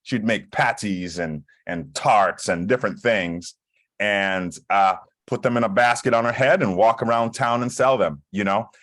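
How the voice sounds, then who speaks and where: A man in his forties from Saint Kitts talks in a low, dry voice on a video call. He tells stories in a relaxed, chatty way, full of fillers and restarts. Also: a little slow, no room sound. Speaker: guest. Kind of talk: casual interview over video call. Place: hotel room.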